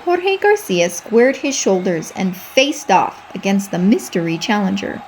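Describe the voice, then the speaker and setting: Woman, storybook read-aloud, expressive, lively pitch, faint background noise. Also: measured pace, few pauses.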